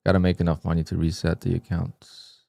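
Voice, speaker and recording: A man's voice: sits low, completely flat delivery, fairly quick, gravelly, mellow, no echo. A man livestreaming his day trading, muttering to himself and scolding himself with sudden frustrated outbursts. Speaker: day trader streaming his trades. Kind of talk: live trading commentary.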